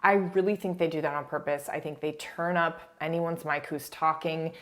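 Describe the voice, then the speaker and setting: A woman's voice: deep voice, fairly even intonation, moderate pace, a bit bright. A woman giving casual, chatty commentary on a reality TV show, often laughing as she talks. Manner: chatty, frequent "like", laughs while talking. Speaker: reality TV recap YouTuber.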